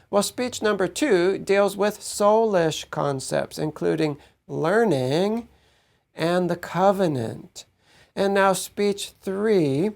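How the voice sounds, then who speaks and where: A man giving a measured Bible teaching to his congregation, often checking in with "right?". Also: on the high side, vocal fry. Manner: explanatory, measured, asks "right?" to listeners.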